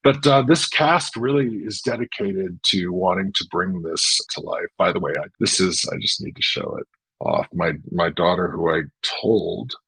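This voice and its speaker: Man, middle-aged, very low voice, husky, dry close sound, earnest interview storytelling. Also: normal speed, no room sound, rough recording. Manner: earnest, animated storytelling with many restarts. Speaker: interview guest. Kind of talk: casual interview chat.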